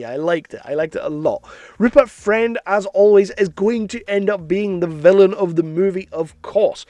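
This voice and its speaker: A man with a fairly high voice talks through his opinions of a film in a casual, spoken review. He is chatty and frank about what he liked and disliked. The sound is dry and close, with no room echo. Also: mellow.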